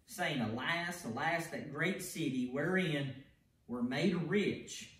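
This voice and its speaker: A man's voice: fairly high pitch, slow pace, fairly bright tone. A man preaching an evening sermon in an emphatic style, often repeating words and restarting phrases. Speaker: pastor. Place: church sanctuary. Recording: echoey church heard from a distance.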